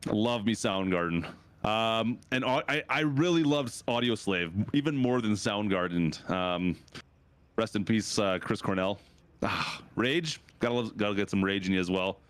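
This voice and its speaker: A Canadian man in his thirties, a streamer rambling casually with his chat, his pitch jumping up for reactions. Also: moderate pace, dry recording. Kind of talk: casual chat with chat while gaming.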